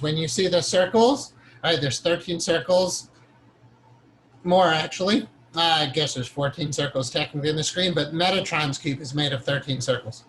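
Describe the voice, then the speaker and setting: A man's voice: a little high, a bit bright, a little hiss or hum, poor audio. A man teaching a meditation course in an informal, rambling lecture style, earnest and conversational with frequent self-corrections and an occasional chuckle. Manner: earnest, chuckles now and then.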